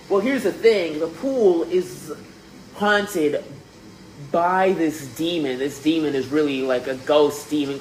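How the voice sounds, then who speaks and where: A man's voice: a little high, slight background noise, low-quality recording. A man hosting a podcast, rambling through a casual movie review with lots of fillers and swearing, growing exasperated and incredulous. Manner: profane and exasperated, rising to incredulous outbursts. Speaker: podcast host.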